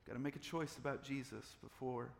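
A man's voice: mid-range voice, fairly even intonation, fairly quick, creaky, long reverb tail, slight background noise. A man preaching a sermon, repeating phrases and building up in intensity. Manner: preaching with swelling intensity and repetition. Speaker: pastor.

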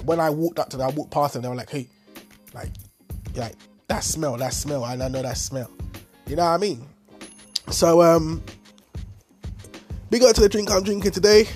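A man from the Caribbean with a bad cold, telling a rambling, animated story in a casual, slangy vlog from his bed. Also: fairly high pitch. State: sick with a cold. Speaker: vlogger. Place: in bed at home.

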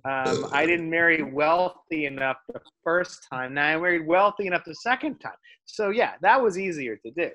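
A man chatting casually and spinning animated stories, often stumbling and restarting as he goes. His voice is bright and pitched a little high, and he sounds eager throughout. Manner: animated storyteller, fast, full of restarts. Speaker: guest. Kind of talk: casual chat.

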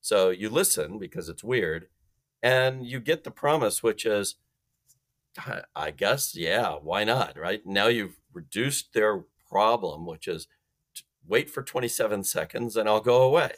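Man, low voice, lively pitch, emphatic guest on a podcast, acts out calls. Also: measured pace. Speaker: sales expert guest. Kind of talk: animated podcast explanation.

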